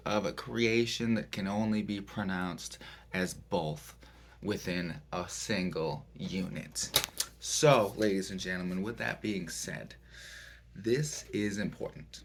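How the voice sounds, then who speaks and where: Male comic host, low gravelly voice, slow rambling mock-guru delivery. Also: a little hiss or hum. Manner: slow, rambling, mock-serious lecturing with filler words. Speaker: comedic self-help presenter. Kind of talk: deadpan parody self-help lecture.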